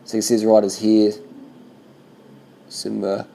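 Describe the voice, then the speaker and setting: A man casually commenting on bike race footage as a vlogger, swearing freely and talking in loose animated bursts. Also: on the low side, unhurried, vocal fry, slight background noise, rough recording.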